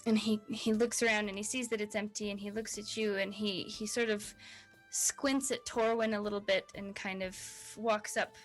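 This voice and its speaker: A woman's voice: mid-range voice, flat delivery, normal speed, faint music behind, poor audio. A woman narrating and running a tabletop game as dungeon master.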